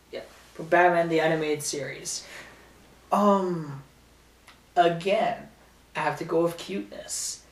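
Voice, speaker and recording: A man giving casual top-ten commentary at a slow, unhurried pace, rambling and filling pauses with ums and giggles. His voice sits at an ordinary pitch. It comes from away from the mic in an echoey room. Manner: rambling, full of fillers and giggles. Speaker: host of a top-ten video show. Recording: roomy, distant from mic.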